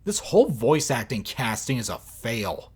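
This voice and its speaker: A man's voice: mid-range voice, very animated, moderate pace. A man reviewing video clips in mocking, exasperated commentary, swearing often. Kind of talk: sarcastic commentary over clips.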